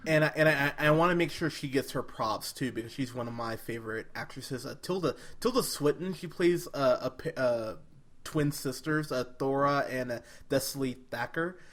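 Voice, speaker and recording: A man's voice: medium pitch, normal speed, a bit bright. A man co-hosting a movie podcast, chatting casually and animatedly, often laughing and restarting his sentences. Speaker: podcast co-host. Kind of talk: casual movie review chat.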